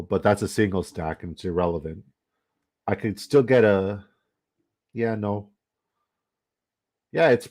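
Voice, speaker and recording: A man's voice: sits low, darkish tone. Profane joking man streaming a draft. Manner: profane, joking, laughs often, trash-talks other drafters. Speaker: fantasy football streamer. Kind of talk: casual live-stream chat while drafting.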